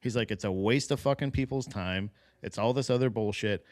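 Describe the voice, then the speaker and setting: A man's voice: on the low side, a little fast. A man co-hosting a comedy podcast, rambling and profane in casual chat. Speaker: podcast co-host.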